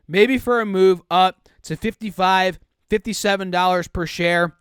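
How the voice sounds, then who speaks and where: Young male stock YouTuber, casual and chatty, bright clean voice, dry close mic. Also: high voice, steady tone, clear, resonant tone, no echo. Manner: quick, chatty, self-correcting. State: recovering from illness, slightly choked. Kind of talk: casual stock market commentary.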